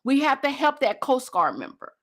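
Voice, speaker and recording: A woman's voice: sits high, big pitch swings, moderate pace, fairly bright tone. A woman host and coach giving a passionate motivational talk, driving points home by repeating phrases.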